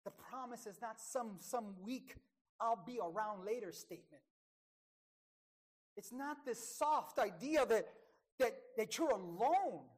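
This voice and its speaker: A woman preaching a sermon, emphatic, dropping to a hush and rising loud again, slowing down on key words. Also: fairly high pitch, animated, breathy edge.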